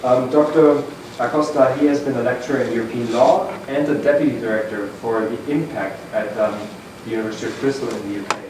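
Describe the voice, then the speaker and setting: A man introducing a guest lecturer, speaking haltingly with many fillers. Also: medium pitch. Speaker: event host introducing a speaker. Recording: echoey, distant room mic with noise.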